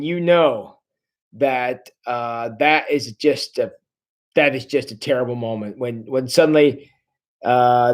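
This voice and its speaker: A man leading a church book discussion, earnest and halting, with many restarts and fillers. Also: medium pitch.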